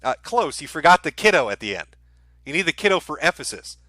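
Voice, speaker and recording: A man reading viewer messages on a livestream, his voice bright and forward and set a bit high for a man. He is dry and sardonic, chuckling now and then. The sound is close and dead, with no room echo. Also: big pitch swings, fairly quick. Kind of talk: casual livestream chat.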